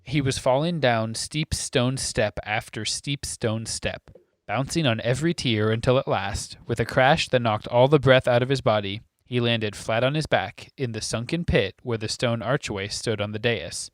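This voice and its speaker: Brief: male podcast co-host, plain mid voice, steady story reading, dead-dry room. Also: mid-range voice, normal speed, dry recording. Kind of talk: reading a novel aloud.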